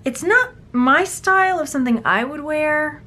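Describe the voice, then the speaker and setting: A woman's voice: high voice, lively intonation, moderate pace, sharp tone. A woman, chatting playfully in a casual unboxing vlog, sorting jewelry to resell. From Texas. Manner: chatty, playful, talks to objects.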